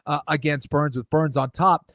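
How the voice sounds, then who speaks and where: Measured male fight analyst, dry close sound. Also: on the high side, steady tone, a bit bright, no echo. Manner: measured, fillers like "you know" and "um". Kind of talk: casual podcast analysis.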